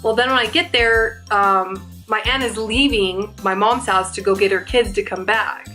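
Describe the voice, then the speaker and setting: A woman's voice: mid-range voice, fairly even intonation, moderate pace, sharp tone, soft background music. A young woman vlogger chatting through a storytime, rambling and restarting her sentences as she goes. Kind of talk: casual storytime.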